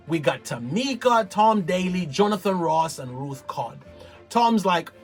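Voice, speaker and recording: High, lively man recapping a show. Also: breathy edge. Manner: slangy, playful, dramatic exclamations. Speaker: reality TV recap host. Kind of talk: casual show recap commentary.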